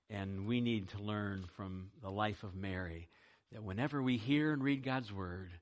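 A man, a pastor, preaching a sermon and leading a closing prayer, speaking earnestly, with rising emphasis and frequent filler words. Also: fairly low pitch.

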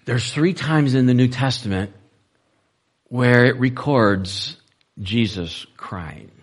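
A male preacher delivers a slow sermon, shifting between loud, emphatic lines and soft, low-voiced passages.

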